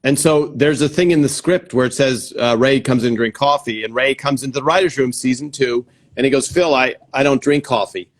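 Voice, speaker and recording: A man hosts a casual video-call interview, chatty and enthusiastic, laughing easily. His medium-pitched voice moves a little fast with hardly any pauses.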